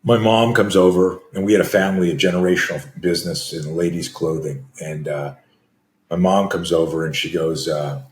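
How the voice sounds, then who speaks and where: A man's voice: low voice, normal speed. A man in his sixties, a self-defense coach telling stories as a guest, acting out scenes with screams and gasps. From Canada. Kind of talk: storytelling in a conversation. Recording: roomy echo.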